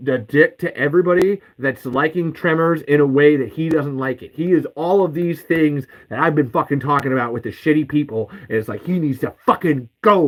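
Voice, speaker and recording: A man with a high voice rants furiously as a podcast host. He swears constantly and repeats the same curses over and over. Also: rough recording. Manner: profane, heated, repeats curses. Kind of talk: angry ranting podcast monologue.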